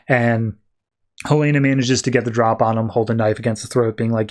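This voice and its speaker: A man hosting a comics podcast, casually retelling a comic book issue and reading out the characters' lines in a low-key voice. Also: steady tone, a little fast, a little mellow.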